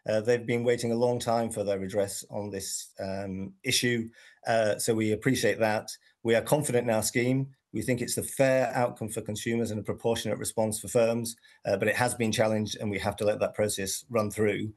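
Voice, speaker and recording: A man's voice: fairly low pitch, steady tone, normal speed. A man speaking as a regulator's spokesperson, giving a careful statement with some hesitation. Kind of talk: interview statement.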